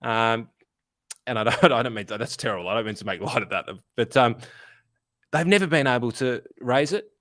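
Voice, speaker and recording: An Australian man co-hosts a casual finance talk, blunt and freely swearing with animated asides. His voice sits at an ordinary pitch. The sound is dry and close, with no room around it. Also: quick pace, no echo. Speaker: podcast co-host.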